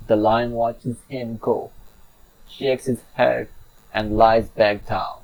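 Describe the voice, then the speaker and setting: A man's voice: medium pitch, little pitch movement, takes it slowly, vocal fry, low-quality recording. A man telling a children's fable in a chatty, playful storybook narration with asides to the listener.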